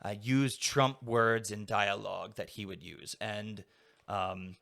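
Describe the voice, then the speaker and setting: A man's voice: on the low side, steady tone, takes it slowly, creaky, a bit bright. A young adult man talking casually as a podcast guest, rambling and filling his sentences with "like". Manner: rambling, heavy use of "like" fillers. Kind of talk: casual conversation.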